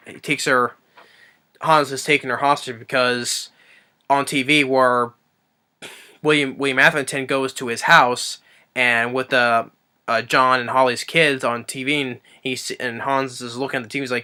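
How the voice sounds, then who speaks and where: Reviewing a movie off the cuff, a man rambles with lots of fillers and restarts, his voice pushed and bright with a clean tone. Now and then he briefly acts out quotes in a higher voice.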